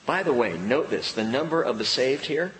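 A middle-aged male pastor preaching a sermon, swinging from excited high exclamations to low, earnest emphasis. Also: normal speed, echoey room, slight background noise, poor audio.

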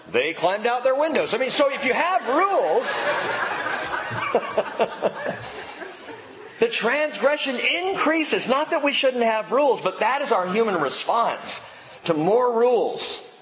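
A man preaching a sermon as a pastor, playful and animated, with sudden emphatic outbursts. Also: very high-pitched, slow pace, pauses often, slight background noise. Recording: reverberant hall with faint ambience.

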